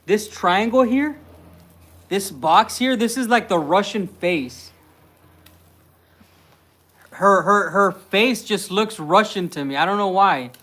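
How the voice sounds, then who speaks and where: A man's voice: high-pitched, slow, pauses often. Laid-back man telling stories on a stream. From Mexico. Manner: relaxed storyteller, slips into Spanish. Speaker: livestream host. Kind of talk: casual livestream chat.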